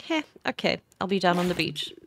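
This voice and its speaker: A woman's voice: lowish voice, big pitch swings, brisk, a little hiss or hum. A woman streamer giving casual, gushing commentary while playing a game, often exclaiming. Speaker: gaming streamer. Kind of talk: casual let's-play commentary. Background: faint game music.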